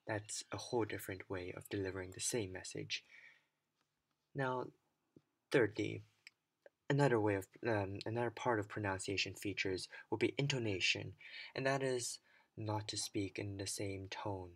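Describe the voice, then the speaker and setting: A young man leads a pronunciation lesson for a speaking exam. His voice sits a little low, and he speaks in a clear, teacherly way, saying example words aloud to show where the stress falls. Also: normal speed, a bit bright. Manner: clear teacherly delivery, demonstrating stress patterns. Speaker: English speaking tutor. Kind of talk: scripted lesson to camera.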